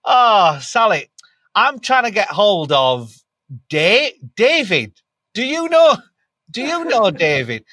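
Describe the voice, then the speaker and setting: A man's voice: sits high, sing-song, slow pace, pushed and bright, no echo, voice pushed up, full character voice. A man playing a bumbling, dim-witted young northern man on the phone, stammering and confused with an exaggerated Northern English accent. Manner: stammering, confused, overly polite.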